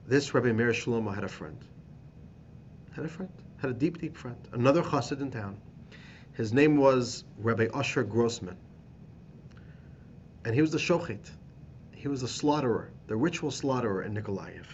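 A man, a rabbi teaching a class, telling a story with animated emphasis and repeated phrases. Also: mid-range voice, moderate pace, pauses often, lo-fi sound, slight background noise. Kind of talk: storytelling lesson.

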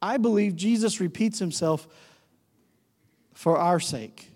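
A man's voice: slow, darkish tone. A man preaching a sermon as pastor, talking conversationally and putting questions to the congregation, acting out quoted voices. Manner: acts out quoted voices with shifting pitch. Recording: reverberant hall.

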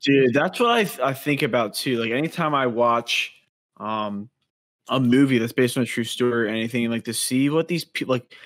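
A man's voice: mid-range voice, moderate pace, fairly bright tone, dry recording, clean studio sound. A young man co-hosting a podcast, chatty and often chiming in to agree. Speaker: podcast co-host. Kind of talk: casual podcast chat.

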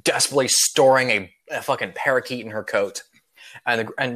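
A man's voice: mid-range voice, expressive, brisk, bright, forceful tone. A man with a mid-range voice hosting a casual podcast, winding through a long joke with plenty of filler words. His delivery is loose and rambling, peppered with swearing, as he chats with his co-host.

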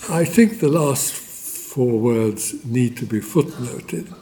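A man giving a formal memorial lecture, measured and deliberate, with pauses and fillers and a dry scholarly wit. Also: mid-range voice, noisy background.

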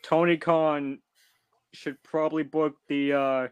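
Smooth-voiced hesitant male guest. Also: a little high, level tone, slow pace, no echo, dull audio. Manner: hesitant, many restarts and fillers. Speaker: podcast guest. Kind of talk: casual chat.

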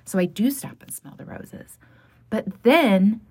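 A woman's voice: medium pitch, lively intonation, normal speed, mellow, husky. A woman who runs a small art business tells a personal story frankly and plainly, laughing now and then between lines.

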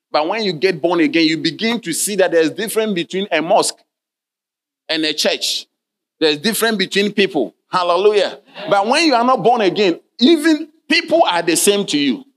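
Higher-pitched male preacher. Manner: preaching, punctuated by frequent "Hallelujah" and direct questions to the congregation; reads scripture in King James wording. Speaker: pastor. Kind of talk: sermon. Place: church.

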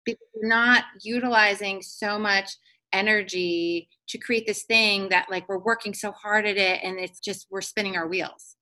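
A woman's voice: medium pitch, steady tone, normal speed, pushed and bright. A woman hosting a casual podcast chat, talking in an earnest, reflective and motivational way.

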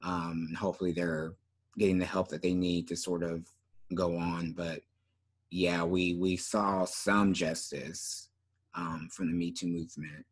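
A man co-hosting a podcast in casual chat, relaxed and often trailing off with fillers. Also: low-pitched, a little slow. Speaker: podcast co-host.

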